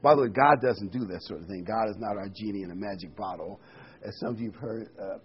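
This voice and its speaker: A man preaching a sermon, reading Bible verses aloud and explaining them with lively asides and a joke. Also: on the low side, fast, slight background noise. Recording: dull lo-fi sound.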